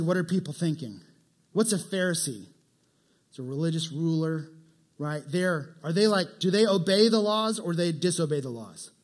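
A male preacher with a high voice gives an animated, conversational sermon. He keeps asking the listeners questions as he talks. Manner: animated, asks the crowd questions.

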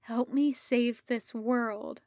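Woman reading as a hushed, anguished male Jedi. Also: on the high side, steady tone, very slow, no echo, studio quality. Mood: gentle. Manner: soft, hushed. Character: anguished male Jedi, soft-spoken and wretched.

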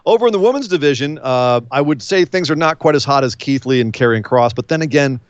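A man co-hosting a casual wrestling podcast, telling match stories with energy and quick asides. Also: medium pitch, dry recording, highs cut off. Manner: animated storyteller, mimics wrestlers' voices. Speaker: podcast co-host. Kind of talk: casual wrestling recap chat.

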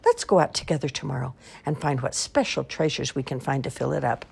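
A gentle storybook mother who soothes her children, voiced by a woman reader. Her voice stays low and soft, with a husky rasp and a little creak. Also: a little fast, heavily acted. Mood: soothing. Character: gentle mother of two boys.

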